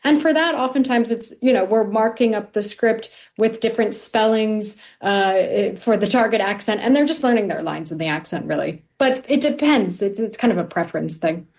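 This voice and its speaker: A woman working as a dialect coach, answering interview questions clearly and with assurance. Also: mid-range voice, normal speed, few pauses, darkish tone.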